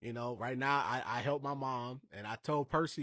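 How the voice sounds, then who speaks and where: A man's voice: mid-range voice, normal speed, fairly bright tone, dry recording, studio quality. A man from Indiana hosting a podcast, telling stories in a casual, emphatic way with rambling asides. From Indiana, USA. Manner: emphatic, conversational, wandering asides. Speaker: podcast host.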